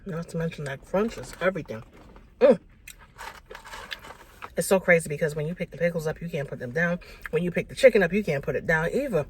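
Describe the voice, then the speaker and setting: A woman food vlogger talking casually and excitedly between bites in an eating vlog, with slangy, chatty speech. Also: deep voice, fairly quick, pauses often, a little hiss or hum. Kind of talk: mukbang eating vlog chat.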